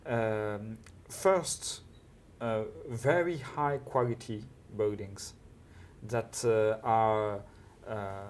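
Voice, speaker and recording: A man from France with a French accent, a French native speaker, an urban planner answering an interview question slowly and hesitantly, with many filler sounds. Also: medium pitch, a little mellow.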